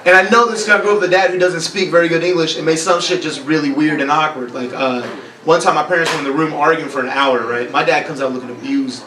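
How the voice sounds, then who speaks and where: A man's voice: on the high side, brisk. Sardonic young man doing stand-up. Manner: sardonic, self-deprecating, bantering with the crowd. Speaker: stand-up comedian. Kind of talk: live stand-up set. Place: bar comedy night. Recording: roomy bar recorded from far off, crowd laughing.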